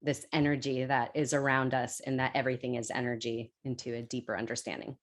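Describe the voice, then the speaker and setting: Host, female, unusually deep voice, warm enthusiastic interviewer. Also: little pitch movement, brisk. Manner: enthusiastic, encouraging. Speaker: podcast host. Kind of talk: interview questions.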